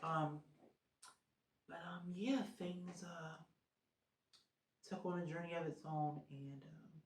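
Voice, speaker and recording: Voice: medium pitch, steady tone, slow, slight background noise. A podcast host chatting casually on their own, rambling with lots of "um" and "like" fillers. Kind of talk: casual solo podcast chat. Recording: roomy echo.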